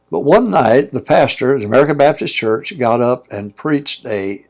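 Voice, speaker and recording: An older male preacher with a gravelly, creaky voice sits as an interview guest. He tells his story in a folksy, plainspoken way, with easy chuckles along the way. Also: medium pitch, expressive, moderate pace. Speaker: pastor and guest.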